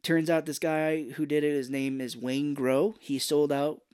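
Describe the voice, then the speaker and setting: A man's voice: a little high, flat delivery, unhurried, darkish tone, clean tone, dry recording. Casual man recapping a film, dry close sound. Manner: retells scenes, acting out lines with curses. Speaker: podcast co-host. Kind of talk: casual movie recap chat.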